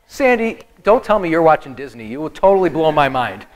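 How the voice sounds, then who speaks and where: A male pastor teaching a Bible study sermon in an animated style, joking with the congregation. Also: on the high side, brisk, a crowd in the background, rough recording.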